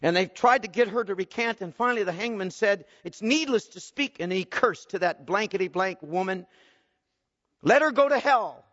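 A man's voice: sits high, brisk, few pauses, fairly bright tone. A man preaching a sermon, telling a martyr's story with rising, impassioned appeals. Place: church. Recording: dull recording with long church reverb.

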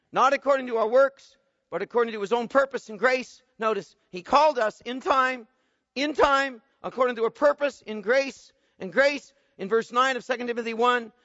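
Bright, high-voiced man preaching in a hall. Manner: swings from quiet explaining to loud emphatic bursts. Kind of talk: expository sermon. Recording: muffled sound with long hall reverb.

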